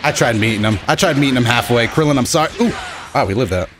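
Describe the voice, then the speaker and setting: A young man giving excitable, joking commentary over his own fighting-game matches, yelling at big moments. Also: medium pitch, fast. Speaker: gaming channel host. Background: game music.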